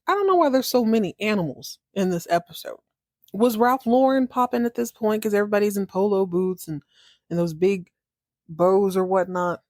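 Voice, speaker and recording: A woman's voice: medium pitch, a little mellow, no room sound, clean studio sound. A woman hosting a podcast, recapping a TV drama in a sassy, playful, slangy way. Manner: sassy, playful, slangy, acts out characters in quotes. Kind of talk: casual recap with acted-out quotes.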